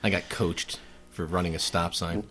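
A man from northeastern Pennsylvania in a casual chat, telling wry stories with deadpan jokes. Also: low-pitched, moderate pace, noisy background.

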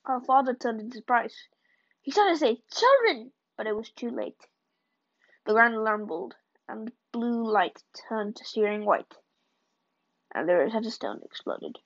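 A woman's voice: on the high side, measured pace, long pauses. A woman reading a novel chapter aloud in a plain, unpolished way with occasional slips and restarts. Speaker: reader of a novel. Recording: dull lo-fi recording.

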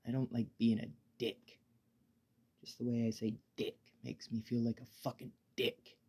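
A man hosting a casual solo podcast while high, rambling in a laid-back way, swearing freely and stammering through restarts. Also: level tone, normal speed, a little mellow, breathy edge. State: high on weed. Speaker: podcast host.

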